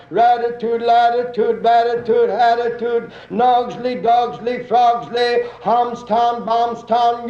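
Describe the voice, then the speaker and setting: A man's voice: extremely high pitch, a little mellow, echoey room, muffled recording, voice pushed up. A man voicing a train conductor who chants nonsense station names and rhythmic train sounds. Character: sing-song male train conductor calling stops.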